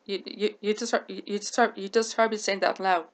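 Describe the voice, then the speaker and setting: A woman's voice: medium pitch, steady tone, fairly quick. A woman vlogger talking to camera with a stammer, repeating words, restarting sentences and running out of breath at the ends of sentences. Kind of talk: casual talk to camera.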